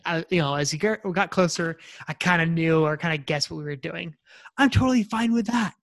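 A man's voice: a little high, fairly quick, fairly bright tone, dry recording, clean studio sound. A man co-hosting a podcast, rambling earnestly in casual chat about a reality show. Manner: rambling, lots of fillers and restarts, earnest. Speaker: podcast co-host.

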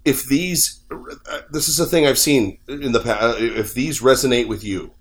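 A man's voice: mid-range voice, normal speed. A man hosting a casual chat, blunt and self-mocking.

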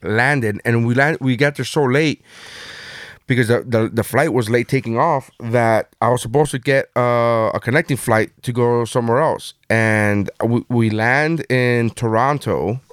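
A man telling a story in casual chat, animated and swearing freely. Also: medium pitch, measured pace, clear, resonant tone, no room sound, studio quality.

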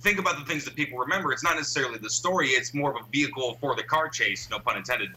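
A man's voice: mid-range voice, very fast, bright, forceful tone, a little hiss or hum, poor audio. A man in a casual movie discussion, thoughtful and rambling with many restarts.

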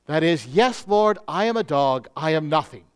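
A male pastor preaching a sermon in an earnest manner, slowing down on key phrases. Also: a little high, lively intonation, clean tone.

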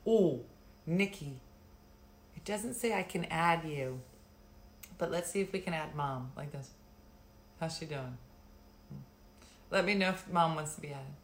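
Rambling middle-aged woman live-streaming, kinda low voice, laughs a lot. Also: a little slow, pauses often, a little hiss or hum. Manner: rambling, chatty, laughs often. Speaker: livestream host. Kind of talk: casual live-stream chat.

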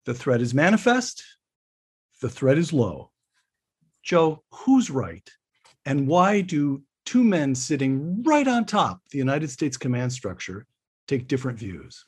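A man hosting a sit-down interview, his voice a little husky. He introduces his guest and reads quotations in a measured, deliberate way. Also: medium pitch, very animated. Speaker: interviewer host.

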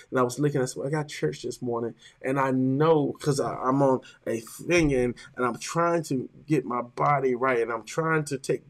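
A man's voice: mid-range voice, creaky. A pastor preaching a sermon, building emphasis and stretching out his words.

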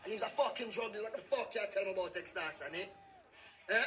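A man's voice: high-pitched, a little fast. An actor playing a brash male Jamaican gangster in a film, talking in thick patois. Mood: scornful. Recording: film clip, distant mic, loud music.

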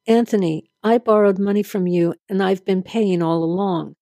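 A woman's voice: medium pitch, normal speed, warm tone, no room sound, studio quality, lightly acted. A woman voicing a nervous young woman in debt, pleading and shaky.

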